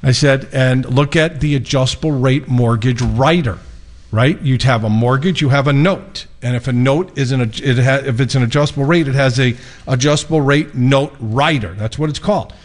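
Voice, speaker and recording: A man hosting a radio show, casually telling a lively story and acting out both sides of the conversation. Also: medium pitch, normal speed. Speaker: radio show host and mortgage lender.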